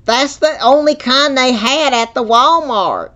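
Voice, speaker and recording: A man's voice: extremely high pitch, unhurried, bright, forceful tone, exaggerated voice. A man putting on Betty, a flustered old woman. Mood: chatty, insistent. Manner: rambling, exasperated, repeats herself. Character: older woman, flustered and easily confused. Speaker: scam baiter. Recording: muffled phone-call audio.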